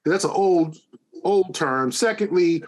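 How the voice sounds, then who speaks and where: Emphatic high-voiced man on a podcast. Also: lively intonation, takes it slowly. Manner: emphatic, heated, repeats phrases for emphasis. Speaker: guest sportswriter. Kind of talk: animated podcast debate.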